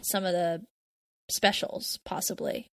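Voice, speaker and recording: A woman co-hosting a podcast, chatting casually about a TV episode in a relaxed, amused way. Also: lowish voice, slow pace, no echo. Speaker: podcast co-host. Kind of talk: casual chat recapping a TV episode.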